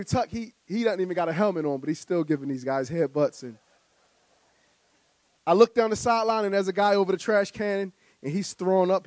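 A man from New Jersey, a guest speaker telling an animated story with vivid details and stammering repeats. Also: sits high, no room sound. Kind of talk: storytelling speech.

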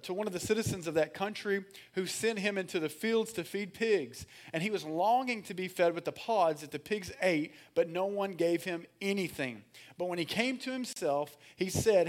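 A man preaching a sermon as pastor, energetic, calling on the congregation to answer and reading scripture aloud with frequent fillers. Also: sits high. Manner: energetic, calls for congregation responses.

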